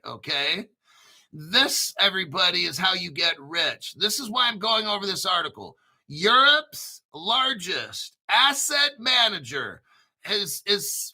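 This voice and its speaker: A man's voice: sits high, pushed and bright. A man hosting a crypto channel, reading a news article aloud in a rambling, boastful way, full of crude swearing and jokey asides.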